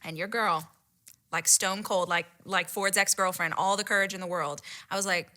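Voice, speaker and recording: A middle-aged woman excitedly retelling a personal story, breathless and giddy, sometimes dropping into whispered asides. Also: on the low side, moderate pace. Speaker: podcast host retelling a date story.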